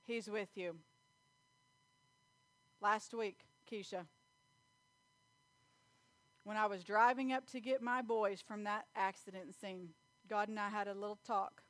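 A woman's voice: medium pitch, steady tone, slow pace, pauses often, fairly bright tone, dry recording. A woman preaching a folksy sermon, telling family stories and reading scripture. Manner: folksy storytelling with Bible reading, laughs often.

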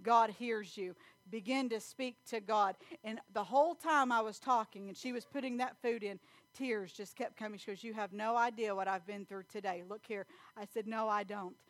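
A woman preaching a sermon in church, telling stories and acting out scenes with loud animated bursts. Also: medium pitch, normal speed, dry recording. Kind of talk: sermon with storytelling.

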